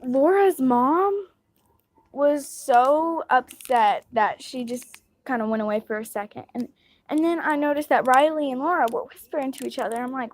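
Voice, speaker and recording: A woman's voice: sits high, moderate pace. A young woman casually telling a personal story, rambling and acting out what others said. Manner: rambling, retelling dialogue with quoted voices.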